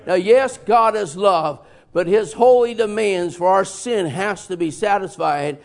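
Male pastor, high gravelly voice, folksy emphatic sermon delivery in a church. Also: unhurried. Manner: folksy, emphatic preaching with sudden loud bursts and chuckles. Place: church sanctuary.

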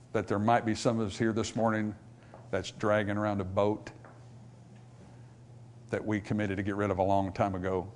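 A man preaches a revival sermon to a church congregation, his delivery swinging between loud, rising passages and low, quiet ones as he acts out small dialogues between characters.

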